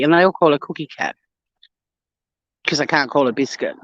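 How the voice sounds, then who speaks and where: A woman's voice: low voice, a little fast, long pauses, no echo, highs cut off. Blunt, sweary Australian woman vlogging. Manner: blunt and sweary, animated storytelling. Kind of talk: casual walk-and-talk vlog chat. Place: outdoors on a walk.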